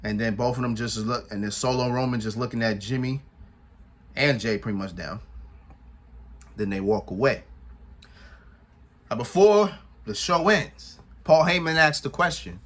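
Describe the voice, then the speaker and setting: Husky man recapping with excitement. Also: medium pitch, moderate pace, pauses often. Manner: animated retelling, acts out quotes, laughs often. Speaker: wrestling show reviewer. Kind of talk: casual recap commentary.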